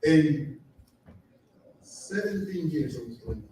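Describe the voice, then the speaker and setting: A middle-aged man telling lively stories to a live audience, laughing often and acting out dialogue. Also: fairly high pitch, slow, a little hiss or hum. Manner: animated, laughing storyteller, acts out dialogue. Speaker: guest speaker at a live fan event. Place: event hall with audience. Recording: very echoey hall, voice far from mic.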